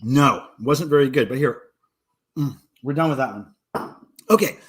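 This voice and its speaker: A man's voice: medium pitch, normal speed, fairly bright tone, slightly rough. A man in his forties hosting a casual livestream, drinking beer and joking crudely with viewers in the chat. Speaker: livestream host.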